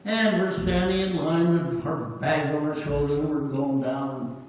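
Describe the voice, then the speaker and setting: A man's voice: a little high, fairly even intonation, measured pace, a little mellow. A man in his nineties, a veteran telling plain-spoken stories to an audience and repeating words for emphasis. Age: 90s. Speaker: WWII veteran speaker. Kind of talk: storytelling talk. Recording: echoey hall, distant mic.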